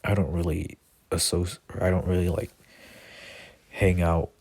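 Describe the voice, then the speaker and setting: A man's voice: deep voice, a little slow, breathy edge, full character voice. Man voicing a lonely, solemn old dragon. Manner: calm, matter-of-fact. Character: lonely ancient male dragon, calm and solemn.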